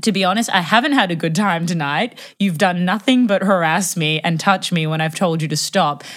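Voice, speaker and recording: A young woman telling a dating story in casual chat, animated and self-mocking, acting out the quotes. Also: mid-range voice, normal speed, hardly any pauses.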